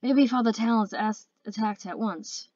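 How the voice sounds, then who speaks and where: A nervous male sea dragon, hunted and guilty, who answers in a faltering, defensive way, as a woman reads him aloud. His voice sits at an ordinary middle pitch and sounds a little dull and close, with no room around it. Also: a little fast, darkish tone, dry recording, close to an everyday voice.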